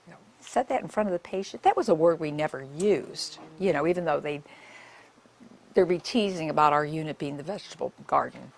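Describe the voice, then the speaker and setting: A woman's voice: low-pitched, a little fast, gravelly, a little hiss or hum. An older woman, a nurse, giving a public talk and telling her stories in a conversational way with many asides.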